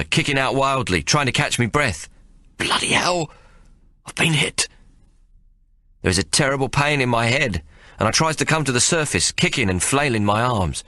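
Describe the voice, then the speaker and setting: A man narrating an audiobook in the first person, in a rough working-class storyteller's dialect. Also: on the low side, sharp tone, no echo, clean studio sound.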